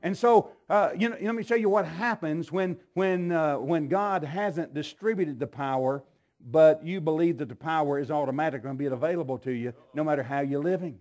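A man preaching a sermon as pastor, swinging between low, slow teaching and loud, shouted exclamations.

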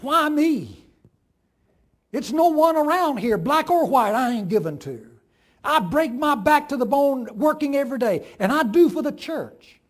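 A man voicing a proud, self-righteous older farm woman who rails at God, with a husky voice. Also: very high voice, sing-song, fairly quick, pitched above the performer's own voice, full character voice. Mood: furious railing. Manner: fervent, shouting at God in rising fury.

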